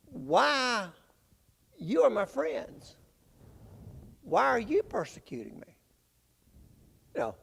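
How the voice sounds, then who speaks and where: A man preaching a Bible-class sermon in a halting, conversational way, often repeating words. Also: sits high, creaky. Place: church sanctuary. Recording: reverberant church hall.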